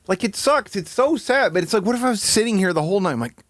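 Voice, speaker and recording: A man chatting casually on a live stream. He swears often, thinks aloud, mocks himself and jumps into high outbursts. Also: fast talker, few pauses, no echo. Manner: excitable, swears a lot, sudden high-pitched outbursts; self-mocking, thinking aloud.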